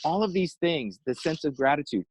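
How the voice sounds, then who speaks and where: A man giving an inspirational talk over a video call, telling a story with lively acted-out quotes. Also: a little high, moderate pace, breathy edge, poor audio. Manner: animated storyteller, acts out quotes. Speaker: inspirational speaker.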